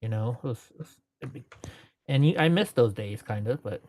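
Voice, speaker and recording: A man's voice: mid-range voice, expressive, a little fast, a little mellow. A man as an interview guest, telling stories from his life in a rambling, casual way, filling his talk with "you know".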